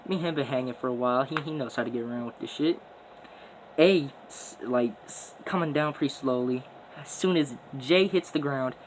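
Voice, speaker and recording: A man's voice: mid-range voice, a little hiss or hum, rough recording. Swaggering young man telling a story. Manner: profane, boastful, rambling street slang. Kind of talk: casual storytelling.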